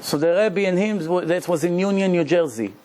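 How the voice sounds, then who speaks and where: Middle-aged rabbi, high voice, animated lecture-style storytelling, non-native phrasing. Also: male voice, moderate pace. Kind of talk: Torah lecture.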